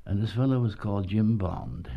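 Older male ex-actor, low gravelly voice, chuckling anecdotal storyteller. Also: moderate pace, lo-fi sound. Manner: chuckling storyteller, says "you see" often. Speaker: former travelling actor. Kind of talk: anecdotal reminiscence.

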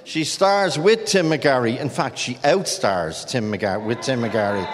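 A man's voice: medium pitch, measured pace, in a large hall. A man presenting a live show in a chatty, upbeat way. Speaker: radio presenter.

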